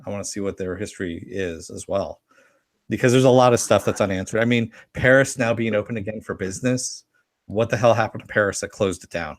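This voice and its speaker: A man's voice: lowish voice, a little fast, no room sound, studio quality. A man co-hosting a podcast, chatting casually about a TV episode, laughing often, swearing now and then and reading out viewer comments. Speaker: podcast co-host. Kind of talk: casual chat reviewing a TV episode.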